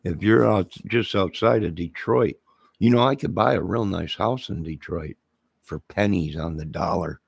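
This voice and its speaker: A man's voice: sits low, normal speed, vocal fry, husky, no room sound. A man chatting casually on a livestream, rambling and joking as he answers viewers' comments. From Illinois, near Chicago.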